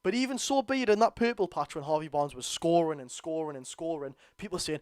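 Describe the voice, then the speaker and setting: A young man with a strong Geordie accent rants bluntly through a live football watchalong, exasperated and outspoken. His voice sits high for a man. The recording is dry and close, with no room sound. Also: brisk, few pauses, darkish tone, no room sound. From North East England. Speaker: football fan streamer.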